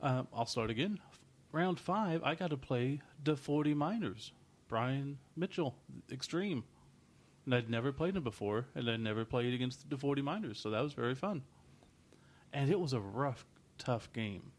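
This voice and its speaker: An easygoing man co-hosting a podcast in relaxed chat. He recounts stories in an even, middle-pitched voice. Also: moderate pace. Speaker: podcast co-host. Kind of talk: casual chat.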